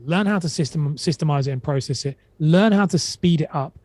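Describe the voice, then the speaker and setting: A man's voice: fairly high pitch, brisk, a little mellow, dry recording. A man on a podcast who chats casually, rambling and retelling quotes with many restarts. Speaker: podcast guest. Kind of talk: casual conversation.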